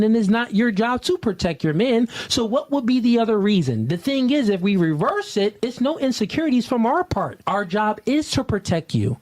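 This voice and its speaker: Brief: man, lively pitch, blunt lecturing tone, opinionated panel talk. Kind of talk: opinionated discussion.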